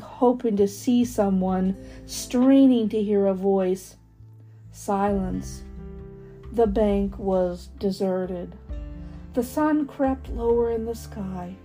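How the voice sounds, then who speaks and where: A woman reading a children's storybook aloud, expressive with dramatic pauses. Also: fairly high pitch.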